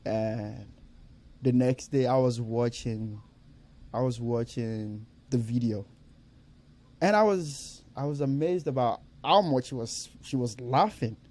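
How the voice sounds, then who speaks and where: A young man co-hosting a podcast, telling a story in animated, casual chat, swearing and laughing as he goes. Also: medium pitch, slow pace. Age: young adult. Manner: animated storyteller, swears freely, laughs often, repeats himself. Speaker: podcast co-host.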